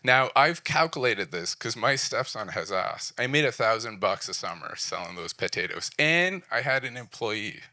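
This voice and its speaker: A man's voice: fairly low pitch, expressive, normal speed, few pauses, pushed and bright. A man in his forties from Prince Edward Island, Canada, giving a candid, self-deprecating talk at a design event in short punchy phrases. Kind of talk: personal storytelling talk. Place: event venue.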